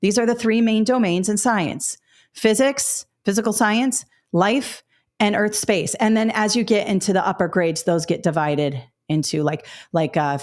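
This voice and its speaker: A woman's voice: mid-range voice, steady tone, measured pace, a little mellow. Chatty woman hosting a teaching webinar. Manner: chatty, direct, many fillers and asides. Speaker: education webinar host.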